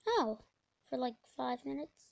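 A woman giving casual, rambling commentary while playing a video game, breaking into sudden excited exclamations. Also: sits high, unhurried, vocal fry, no echo. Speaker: let's play gamer.

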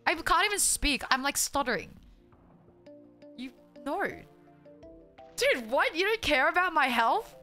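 Loud, swearing young woman streamer. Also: high voice, sing-song, unhurried, pauses often, faint music behind. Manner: loud, profane, exasperated, laughing often. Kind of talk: casual live-stream chat, reading chat aloud.

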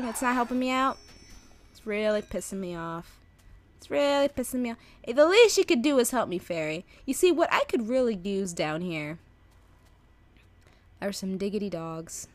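Animated young woman gaming, lively pitch. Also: no room sound. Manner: animated, sarcastic, talks to game creatures. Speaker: let's play gamer. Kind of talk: casual let's play commentary.

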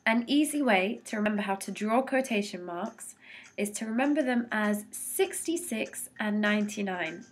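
A woman giving a scripted English grammar lesson, reading each rule and example in a measured, deliberate way. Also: mid-range voice, lively intonation. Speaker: English teacher.

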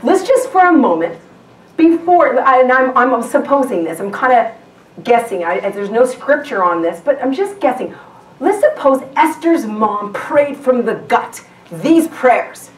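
Preaching in a church sanctuary, a woman guest pastor uses a slightly high voice with lively intonation and a somewhat slow pace. She speaks conversationally, restarting sentences and asking the congregation questions. It's recorded from afar in an echoey hall.

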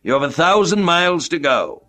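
A middle-aged man from the United States delivers a radio sermon. His delivery is formal and measured, with a steady preaching cadence, and his voice sits fairly high.

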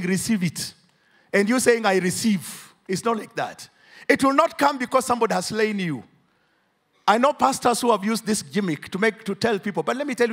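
A pastor with a Ugandan English accent preaches in church, his high, fairly bright voice rising into sing-song emphasis as the congregation answers his calls.

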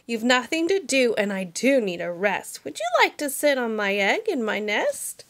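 A woman's voice: a little high, sing-song, normal speed, fairly bright tone, voice pushed down. A woman voicing a lazy, bored female bird who coaxes others, in a sing-song storybook reading. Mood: coaxing.

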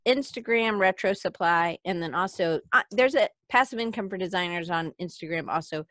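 A woman's voice: lowish voice, fairly quick, fairly bright tone, no echo, clean studio sound. A woman hosting a podcast in a casual chat, giggly and chatty, reading out listener comments. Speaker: podcast host.

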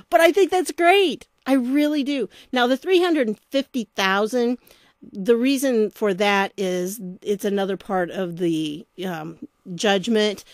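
Woman, fairly high voice, sarcastic chatty vlogger, laughs a lot, dry close mic. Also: dry recording. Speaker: political commentary vlogger. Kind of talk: casual commentary, reading documents aloud.

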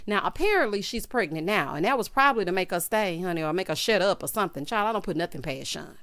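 A woman's voice: on the low side, fast, hardly any pauses, no room sound, studio quality. A woman giving a sassy, casual recap of a reality TV show, mimicking the cast as she goes. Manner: sassy, animated, mimics the cast in quoted voices.

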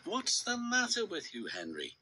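A cheeky little tank engine, as a man voices him in a storybook, teasing in a high, bouncy voice. He speaks slowly, with wide swings of pitch. Soft music plays behind him. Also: wildly swooping pitch, heavily acted, poor audio.

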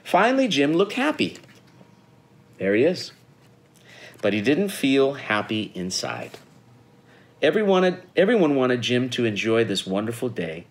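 A middle-aged man reads a children's picture book aloud in a friendly, animated way. His pitch sits in an ordinary middle range but swings widely as he tells the story. The delivery stays warm-hearted and encouraging. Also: unhurried, pauses often. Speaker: guest reader.

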